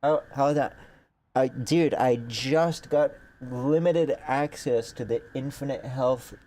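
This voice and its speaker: Slow, mellow-voiced man with a stuffy nose. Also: mid-range voice. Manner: sarcastic, rambling, profane. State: congested nose. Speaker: streamer. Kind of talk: casual gaming commentary.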